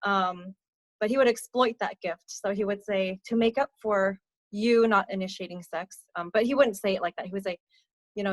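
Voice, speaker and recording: A young adult woman giving a candid personal testimony as a podcast guest, speaking softly with many fillers and letting her voice sink on the hardest parts. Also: brisk, no room sound. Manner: soft-spoken, frequent fillers, drops low on hard parts. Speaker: podcast guest, abuse survivor mentor.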